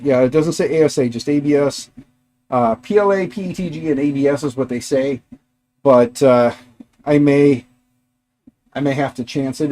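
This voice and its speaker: A middle-aged man hosts a casual livestream from his garage workshop, rambling chattily and talking to both his dogs and his viewers. His voice is mid-range and mellow.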